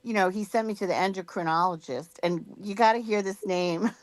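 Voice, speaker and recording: A woman's voice: mid-range voice, fairly quick, no echo. A woman being interviewed in a casual chat, rambling and filling her talk with "you know" and "like". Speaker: guest.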